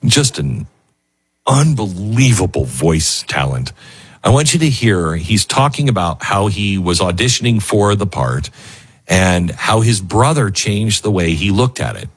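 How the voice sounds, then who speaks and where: Male talk host, low husky voice, lively pitch, casual emotional commentary. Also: measured pace, dry recording.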